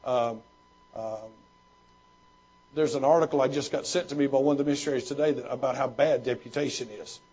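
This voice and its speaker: A man's voice: mid-range voice, a little fast, long pauses, darkish tone, breathy edge. A man, a pastor and former missionary, answering questions in folksy storytelling with many restarts. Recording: dull lo-fi recording.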